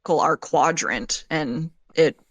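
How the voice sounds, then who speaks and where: A woman's voice: low voice, slow, no room sound. A woman, a makeup and effects artist, talking casually in an interview and saying "like" a lot. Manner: chatty, heavy use of "like".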